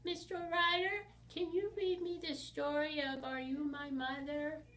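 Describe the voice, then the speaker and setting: A small wistful child. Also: male voice, very high-pitched, level tone, a little slow, pushed and bright, distant mic, pitched above the performer's own voice, heavily acted. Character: small sad young child asking for a story.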